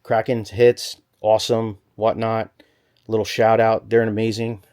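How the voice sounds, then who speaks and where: A man vlogging from a storage locker, rambling and thinking aloud in an excited stop-start way, a little out of breath. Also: lowish voice, unhurried. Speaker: storage unit reseller. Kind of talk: excited unboxing vlog.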